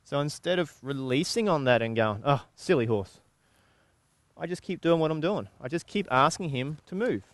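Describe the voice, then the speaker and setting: A man with an Australian accent working as a horse trainer, explaining groundwork exercises in a relaxed, conversational way, pausing and restarting as he goes. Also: fairly high pitch, no room sound. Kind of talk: instructional video talk.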